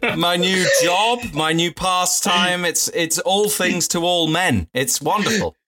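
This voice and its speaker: A man's voice: high voice, unhurried, bright, forceful tone. A man, a comedian guest on a podcast, rambling self-mockingly in casual chat.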